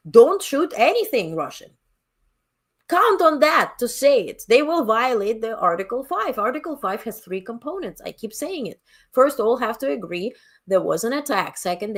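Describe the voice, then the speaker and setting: A woman with a non-native English accent hosting a live stream, talking bluntly and reading viewers' chat comments aloud. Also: on the high side. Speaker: livestream host.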